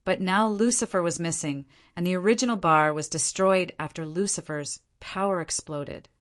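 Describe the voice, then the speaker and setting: A woman narrating an audiobook in an even, measured reading style. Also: lowish voice. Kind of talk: scripted narration.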